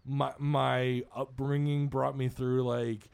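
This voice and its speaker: A man's voice: medium pitch, level tone, slow, gravelly, darkish tone, smooth. A young adult man co-hosting a podcast, rambling with lots of fillers, restarts and casual swearing. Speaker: podcast host. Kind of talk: casual chat.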